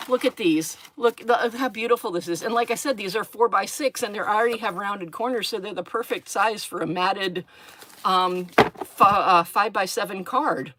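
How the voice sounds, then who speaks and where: A middle-aged woman hosting a live craft unboxing, rambling and gushing with gasps and excited exclamations. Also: medium pitch, normal speed, noisy background. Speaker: craft channel host. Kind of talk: live-stream unboxing chat.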